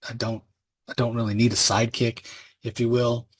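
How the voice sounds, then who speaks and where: A man voicing a weary, standoffish panhandling homeless man in a comic recap, quiet and dismissive. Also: mid-range voice, level tone, normal speed, slightly rough, natural voice.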